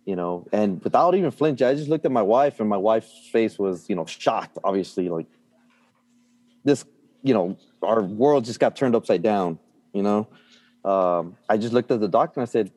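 A man's voice: lowish voice, lively intonation, normal speed, mellow. A middle-aged man telling a story in a casual chat, full of fillers and restarts, often laughing. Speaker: guest.

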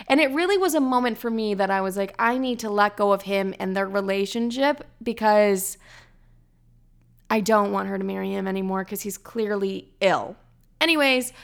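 A young woman in her twenties hosting a casual solo podcast, telling stories in a blunt, profane, animated way while still feeling a bit ill. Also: medium pitch, clear, resonant tone. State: recovering from illness. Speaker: podcast host.

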